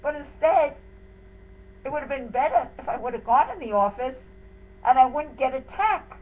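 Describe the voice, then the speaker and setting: A woman's voice: high voice, lively intonation, normal speed. Indignant woman, tinny phone-like sound. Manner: indignant, dramatic retelling. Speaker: wife telling her story. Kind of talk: emotional first-person account.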